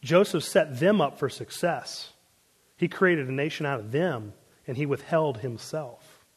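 A man's voice: a little high, unhurried, slightly rough, big-room sound. A man teaching a casual Bible class, chatty, with fillers and asides, answering questions from the room. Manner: conversational, with many fillers and pop-culture asides.

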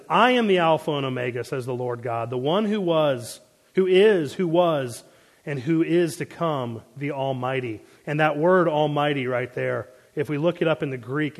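A man's voice: fairly high pitch, big-room sound. A man teaching a casual Bible class, chatty, with fillers and asides, answering questions from the room. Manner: conversational, with many fillers and pop-culture asides.

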